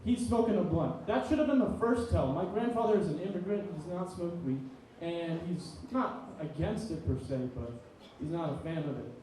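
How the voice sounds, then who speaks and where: A man's voice: on the high side, moderate pace, few pauses, warm tone, slight background noise. A young man in his twenties doing a rambling, profane stand-up set in a small comedy venue. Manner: rambling, profane, self-deprecating storytelling. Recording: very echoey room, distant mic.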